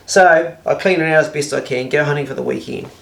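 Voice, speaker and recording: A New Zealand man in his fifties tells a casual anecdote in a gravelly voice that sits on the high side, talking fairly quickly. He's blunt and exasperated, swearing freely as he goes.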